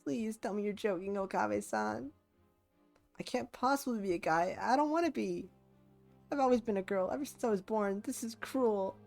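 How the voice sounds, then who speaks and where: A soft, timid young girl trembles and pleads in a raised, wavering voice, as a man puts her on. She sounds shy and easily wounded, a figure from a visual novel read aloud. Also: high voice, normal speed, creaky, soft background music, pitched above the performer's own voice. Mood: tearful pleading.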